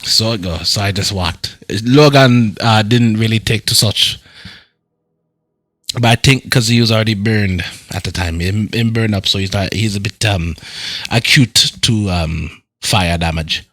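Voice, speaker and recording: Casting: man as a tough young street vigilante, Jamaican patois, bright edgy tone, halting delivery. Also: fairly low pitch, dry recording. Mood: easygoing. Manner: halting, restarts words, chuckles often. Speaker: roleplay character. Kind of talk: in-character roleplay chat.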